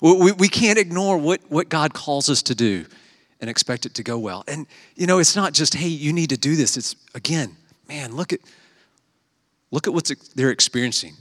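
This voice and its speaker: A man in the pulpit delivers a relaxed, conversational sermon, slipping into little acted-out quotes as he tells stories. His voice sits a little high for a man. The sound carries a long reverb tail from the hall. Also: moderate pace. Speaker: pastor.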